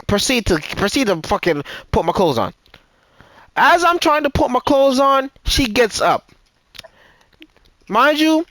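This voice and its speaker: A man's voice: high voice, a bit bright, no room sound, rough recording. A man in his twenties on a gaming voice chat, telling a story in casual, profane talk, stumbling and repeating himself as he goes.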